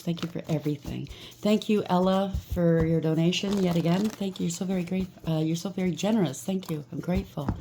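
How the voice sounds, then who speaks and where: A woman's voice: low voice, gravelly, mellow, a little hiss or hum. A woman at home doing a collective tarot reading, reassuring her viewers with frequent fillers and a repeated "okay?". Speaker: tarot reader. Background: washing machine running.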